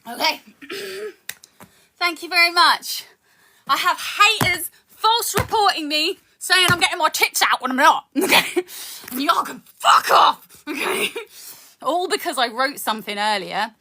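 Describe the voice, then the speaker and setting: A woman's voice: extremely high pitch, expressive, a little slow, sharp tone, slight background noise. A woman from the UK performing intense spoken word and rap live on her phone, swearing and switching between verses and chat. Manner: intense, swearing, shifts between rapping and chatting.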